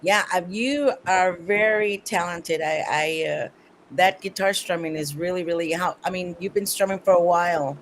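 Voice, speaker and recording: A woman's voice: on the low side, moderate pace, a little hiss or hum, rough recording. A woman hosting a radio talk show, asking questions enthusiastically with many fillers and restarts. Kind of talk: casual radio interview.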